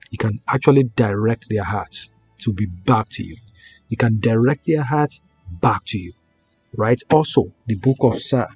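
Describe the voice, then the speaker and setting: A man slowly teaching viewers a prayer ritual, coaxing them along and often checking in with "okay?" and "right?". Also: medium pitch. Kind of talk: slow instructional prayer teaching. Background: soft background music.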